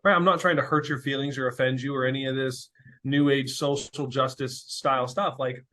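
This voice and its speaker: A man's voice: mid-range voice, brisk. A young adult man talking casually as an interview guest, filling his speech with "like" and "you know" and acting out quotes. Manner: animated storyteller, acts out quotes with filler-heavy speech.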